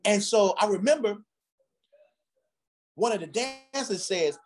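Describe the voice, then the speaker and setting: A guest drummer from Ghana recounts childhood stories during a conversation, performing the voices of the people involved. His high-pitched voice is expressive and a little slow, with long pauses.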